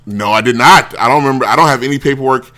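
Male talk show host, bright edge, rambles and restarts while telling stories. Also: medium pitch, very fast. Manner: rambling, self-interrupting, acts out quoted voices. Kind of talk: casual storytelling on a talk show.

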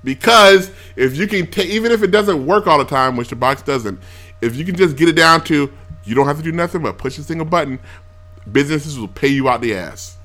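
Podcast host, male, bright and forceful, animated storyteller. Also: fairly high pitch, brisk. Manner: animated storyteller, swears, mimics people in quotes. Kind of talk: casual chat.

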